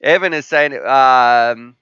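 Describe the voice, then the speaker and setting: A chatty male live stream host with a bright, clear, fairly high voice. He laughs easily and reads out viewer messages into a close, dry mic. The sound is a little dull and lo-fi. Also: slow pace, no room sound. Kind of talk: casual live stream chat.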